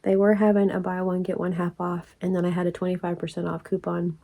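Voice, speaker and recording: A woman, telling a rambling story in a casual vlog, laughing often and dropping into soft asides. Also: fairly low pitch, level tone, fast talker. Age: 40s. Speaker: crochet vlogger.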